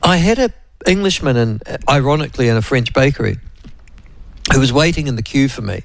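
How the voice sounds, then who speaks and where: Chatty New Zealand radio host. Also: male voice, mid-range voice, expressive, fairly quick, creaky. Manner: rambling and chatty, addresses listeners and co-host by name. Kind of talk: casual radio chat.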